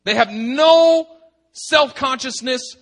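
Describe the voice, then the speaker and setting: A middle-aged male pastor preaching a sermon with impassioned emphasis, swinging from hushed tones to shouting and repeating words for effect. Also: very high voice, takes it slowly. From United States.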